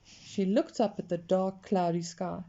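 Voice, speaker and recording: A woman reads a picture book aloud, slowly and expressively, talking straight to the listener. Her voice is mellow and unhurried, and the recording sounds dull and lo-fi. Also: lowish voice. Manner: slow, expressive, talks to the listener. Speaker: storyteller.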